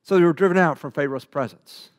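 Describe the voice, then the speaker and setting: A man preaching a verse-by-verse Bible sermon, animated and full of rhetorical questions, dropping from loud to hushed. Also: on the high side, fast talker, dry recording, muffled recording.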